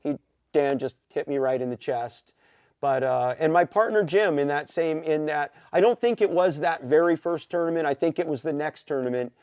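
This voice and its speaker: A man from the Pacific Northwest, a podcast guest telling an animated story with many "you know" fillers. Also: a little high, normal speed, clear, resonant tone, no room sound, clean studio sound. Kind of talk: casual storytelling.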